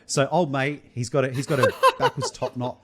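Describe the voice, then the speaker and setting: A man's voice: mid-range voice, moderate pace, noisy background. A young adult man, co-hosting a casual podcast chat and laughing often as he tells stories. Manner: animated, laughs often while telling jokes. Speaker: podcast co-host.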